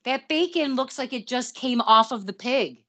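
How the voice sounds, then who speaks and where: A woman's voice: sits high, expressive, moderate pace, a crowd in the background. A woman co-hosting a casual film podcast, wry and laughing, who swears casually. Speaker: podcast co-host.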